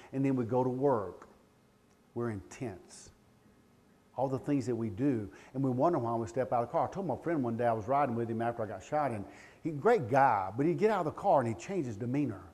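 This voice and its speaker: A man, giving a live training talk as a law enforcement trainer, animated and joking, calling out questions to the crowd. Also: medium pitch. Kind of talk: live seminar talk to an audience. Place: room with a live audience.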